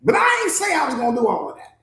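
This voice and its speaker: A man's voice: extremely high pitch, very animated, fast, bright, forceful tone, reverberant, exaggerated voice. A man voicing a stressed, indignant male guard dog who complains with sass about what he never agreed to do. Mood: sassy. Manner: complaining, sassy and fed up.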